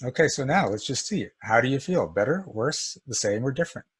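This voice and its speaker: A man's voice: medium pitch, animated, brisk, husky. A man teaching an energy work session in a casual, storytelling way, chuckling often.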